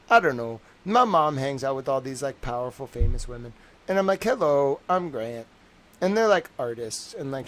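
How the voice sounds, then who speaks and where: A young man talking casually to his stream, his voice swinging up and down with lively pitch at a mid register. He meanders through stories, full of fillers and dry little laughs. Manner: meandering, lots of "like" and "I don't know"; wry, laughs between stories. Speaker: livestream host. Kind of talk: rambling casual chat.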